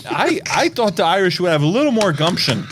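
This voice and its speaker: A man's voice: high voice, very animated, brisk, noisy background. A man co-hosting a casual movie podcast, joking around and laughing often as he reads listener mail aloud. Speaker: podcast co-host. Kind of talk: casual chat.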